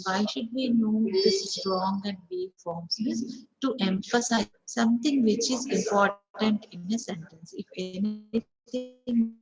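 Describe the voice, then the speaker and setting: A woman's voice: medium pitch, slow pace, darkish tone, highs cut off, faint music behind. A woman teaching an online English class, explaining step by step, often saying 'okay, so' and repeating example sentences aloud.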